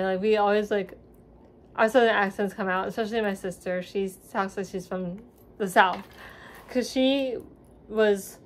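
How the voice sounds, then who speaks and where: A woman's voice: medium pitch, normal speed. A young woman at home talking casually in a vlog, rambling with many fillers as she runs through a TV series. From grew up in the US South after moving from Seattle at five. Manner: chatty, rambling, many ums and likes. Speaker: vlogger reviewing a TV series. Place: at home with her dog nearby.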